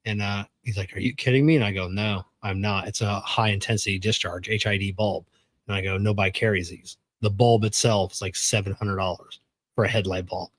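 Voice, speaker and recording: Low-voiced matter-of-fact man, dry sound. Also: level tone, brisk, dry recording. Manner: matter-of-fact, many fillers. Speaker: podcast co-host, car mechanic. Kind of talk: casual chat.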